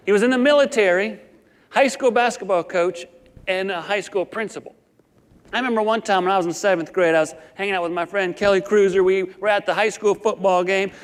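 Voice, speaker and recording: A man giving a talk as a professional speaker, telling a story in an animated way and acting out the voices. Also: high-pitched, big-room sound.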